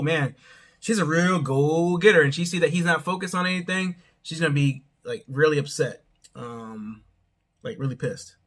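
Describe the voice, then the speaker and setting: A man's voice: fairly high pitch, fairly bright tone. A young man hosting his channel, giving a rambling, casual recap of a reality show and often hedging with "I don't know". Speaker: show reviewer, channel host.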